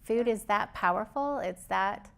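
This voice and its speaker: A woman's voice: mid-range voice, a little slow, creaky. A woman host asking curious follow-up questions in an interview. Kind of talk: conversational interview.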